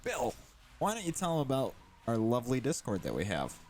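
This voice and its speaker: A man's voice: medium pitch, huge pitch swings, brisk, darkish tone, slight background noise. A man co-hosting a casual podcast, upbeat and chatty as he steers the talk. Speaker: podcast co-host.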